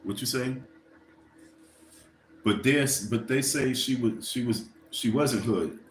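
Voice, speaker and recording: A man in the middle of a rambling, profane livestream rant, his voice at an ordinary mid pitch. He turns to his viewers now and then and asks them for likes. The room around him adds a clear echo, with a faint hiss underneath. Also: slow. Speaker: livestream host. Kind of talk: casual ranting commentary.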